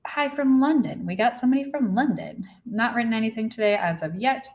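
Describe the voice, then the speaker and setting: A young woman hosting a writing livestream alone in her apartment, chatting casually and reading viewer comments aloud, a little tired and low on energy. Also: a little fast, a little mellow. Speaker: livestream host. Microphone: computer mic.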